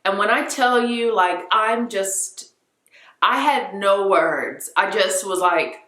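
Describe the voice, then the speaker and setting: A woman's voice: mid-range voice, takes it slowly, echoey room. A young woman vlogger casually telling a story to camera, acting out the voices of the people in it. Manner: animated, acts out quoted voices.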